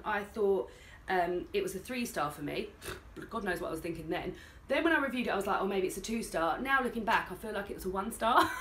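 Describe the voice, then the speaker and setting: A young British woman chatting frankly about books she has read, often laughing. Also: lowish voice. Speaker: book vlogger. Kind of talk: casual book review chat. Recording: echoey room with faint noise.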